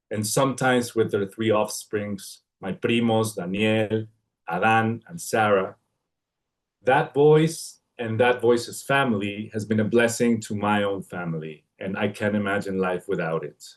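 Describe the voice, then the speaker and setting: Man from Mexico, lowish voice, reads a prepared tribute, tentative then rhythmic, livestream. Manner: hesitant start, then steady reading with a poetic rhythm. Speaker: family friend giving a tribute. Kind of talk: reading a written tribute. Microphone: livestream connection.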